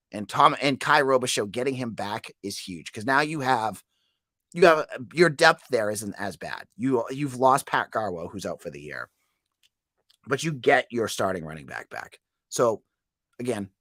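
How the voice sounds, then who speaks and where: A man's voice: mid-range voice, pushed and bright, no room sound, studio quality. A man hosting a casual sports podcast with a head cold and a froggy voice, chatty and given to restarts and tag questions. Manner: chatty, repeats words, asks "right?". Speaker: podcast host.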